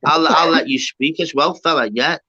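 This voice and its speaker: A man's voice: fairly high pitch, normal speed, noisy background. A Scouse man hosting a live stream, chummy and chatty, calling his guests lad and mate. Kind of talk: casual live stream chat. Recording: dull lo-fi stream audio.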